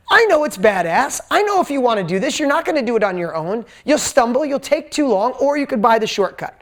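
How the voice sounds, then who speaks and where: A man's voice: very high-pitched, fairly quick, hardly any pauses. Guy on stage at a live event telling stories, acts out what people said, swears a bit. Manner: animated storyteller, acts out quotes, swears casually. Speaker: seminar speaker. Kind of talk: live seminar sales talk.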